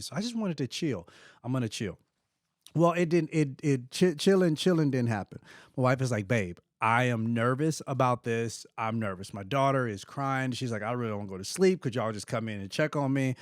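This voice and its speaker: A middle-aged man hosting a podcast, telling a personal story in an animated way and acting out quoted voices. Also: medium pitch, no echo, studio quality. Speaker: host.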